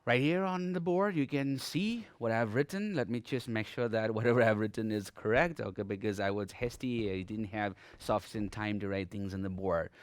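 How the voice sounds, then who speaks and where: A man's voice: on the low side, moderate pace, hardly any pauses, smooth, no echo. A man teaching a grammar lesson in Nepali-accented English, explaining step by step and often saying "okay" as he stresses key words.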